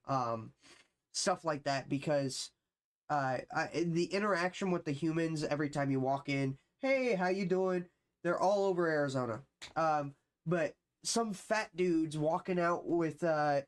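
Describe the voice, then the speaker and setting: Rambling young man streamer. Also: fairly high pitch. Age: young adult. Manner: rambling, slangy, swears a lot, many fillers. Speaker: livestreamer. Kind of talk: casual livestream chat.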